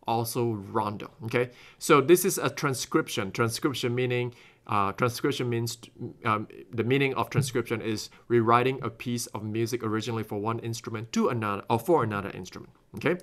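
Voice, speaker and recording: A man gives recorded clarinet masterclass instruction in a mid-range voice, talking a little fast. He sets out phrasing step by step and scat-sings passages along the way.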